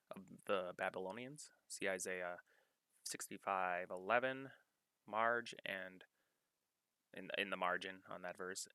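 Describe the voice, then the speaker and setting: Male scripture reader, deep and sharp-edged, measured study-note delivery. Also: clean tone, no echo. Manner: measured, deliberate reading, pausing to cite references. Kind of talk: reading scripture aloud with study-note commentary.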